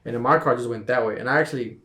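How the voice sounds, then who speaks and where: A young man chatting on a podcast, spinning a long, rambling story in a mid-pitched voice. He talks casually and with energy, dropping "bro" into nearly every sentence. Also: rapid-fire. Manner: rambling, animated, says "bro" constantly. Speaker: podcast guest.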